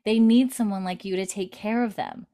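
A woman voicing a young woman who gently but firmly says goodbye, speaking earnestly. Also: medium pitch, fairly even intonation, normal speed, voice pushed up, natural voice. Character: young woman saying a gentle, firm farewell.

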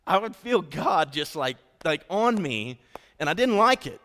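A middle-aged pastor delivers a sermon in a fairly high voice for a man. He talks with the congregation, calling out to them as he goes, and his words ring out with the long reverb of a large church. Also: big pitch swings, unhurried, fairly bright tone. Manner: conversational preaching with call-outs to the congregation. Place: church sanctuary.

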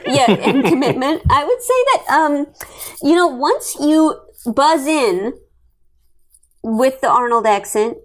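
A woman's voice: high-pitched, lively intonation, slow pace, low-quality recording. A woman co-hosting a comedy game podcast, playfully laying out the rules of a game. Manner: playful, explains rules with a laugh. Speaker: game show co-host presenting a game.

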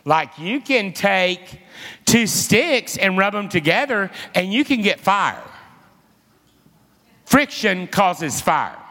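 Male preacher, bright tone, slow deliberate delivery, long hall reverb, animated storyteller. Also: high voice. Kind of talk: sermon with personal storytelling.

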